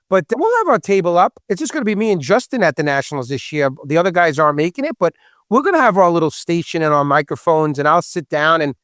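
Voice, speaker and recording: A man with a Long Island New York accent and a loud, distinctive voice, joking and chatting as a podcast host. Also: high voice, quick pace, no echo, studio quality. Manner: animated, joking, talkative. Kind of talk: casual podcast chat.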